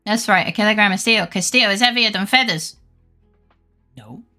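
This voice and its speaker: A woman's voice: mid-range voice, normal speed, pushed and bright, faint music behind. A woman chatting casually with her viewers on a live stream, swearing freely and laughing often.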